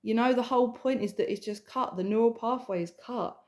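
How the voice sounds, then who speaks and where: A woman spiritual coach giving an emotional, earnest sales pitch, repeating herself and speaking intimately to the listener. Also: a little fast, a little mellow. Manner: earnest, repetitive, swears casually; addresses the listener intimately as hun and babe.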